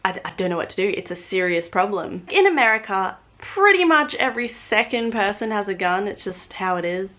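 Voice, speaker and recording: An Australian woman vlogging in an animated, chatty way. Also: mid-range voice, a little fast, few pauses. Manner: chatty, animated, drifts into impressions. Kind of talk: casual chat to camera.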